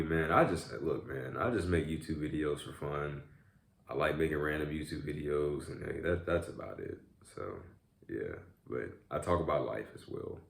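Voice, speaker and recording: A man's voice: extremely low pitch, echoey room. A young man vlogging in a casual, rambling way while eating, often saying "man" and "y'all". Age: young adult. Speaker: YouTube vlogger. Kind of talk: casual mukbang chat.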